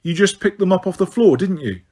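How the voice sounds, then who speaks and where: Exasperated teen wizard , man reading, higher and lively, husky. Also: a little fast. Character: exasperated teenage boy wizard, level-headed.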